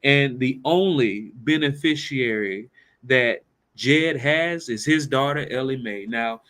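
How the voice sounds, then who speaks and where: A man's voice: mid-range voice, takes it slowly, a bit bright. A man speaking as a financial planning speaker, telling a story in a conversational way and asking rhetorical questions. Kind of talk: storytelling talk to camera.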